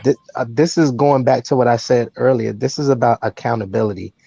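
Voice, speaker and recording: A man on a casual talk show pushes his argument home and repeats words as he presses on. His voice is dark and mellow. The sound is dry and a bit dull, with faint music beneath. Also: mid-range voice, steady tone, fairly quick, creaky, husky, no echo. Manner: emphatic, repeats words when pressing a point. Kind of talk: casual chat.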